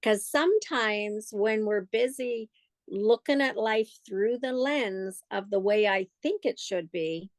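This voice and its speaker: A woman's voice: mid-range voice, takes it slowly, dry recording. Earnest, encouraging woman co-host. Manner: earnest, encouraging, poses questions to listeners. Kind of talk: casual chat.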